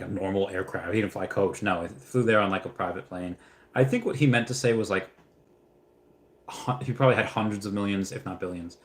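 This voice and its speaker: A man hosting a casual livestream, reading out viewer comments and drifting into stories, with frequent stammered restarts. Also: low voice. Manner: reads out chat messages, then rambles into anecdotes. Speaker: livestream host answering viewer questions.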